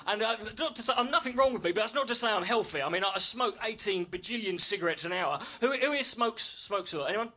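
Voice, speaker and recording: A man's voice: sits high, expressive, quick pace, hardly any pauses, sharp tone. A man doing a stand-up routine on a club stage, brash, sweary and self-mocking. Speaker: stand-up comedian. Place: comedy club stage with audience.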